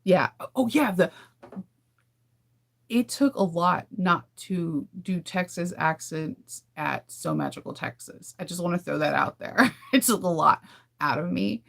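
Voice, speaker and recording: A woman's voice: fairly low pitch, lively intonation, measured pace, gravelly. A woman from California hosting a casual livestream, chatting candidly with viewers and laughing often. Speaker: livestream host. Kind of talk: casual chat with live viewers.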